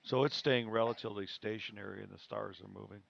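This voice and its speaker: A man's voice: lowish voice, steady tone, quick pace, vocal fry, dull audio. A man, an amateur astronomer, talking terse and matter-of-fact on a voice call. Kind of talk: casual chat over voice call.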